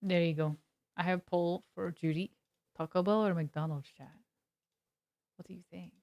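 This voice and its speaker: A woman's voice: fairly low pitch, fairly even intonation, normal speed, dry recording, muffled recording. A young adult woman streaming as a variety streamer, chatting casually with her viewers in a rambling, talkative way and laughing often. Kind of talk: casual chat with live viewers.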